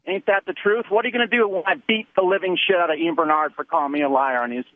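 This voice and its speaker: A man's voice: high voice, fast, no room sound. A man calling in to a radio show, ranting with profane threats and taunts. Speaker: caller. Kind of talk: call-in radio rant. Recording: muffled dry phone line.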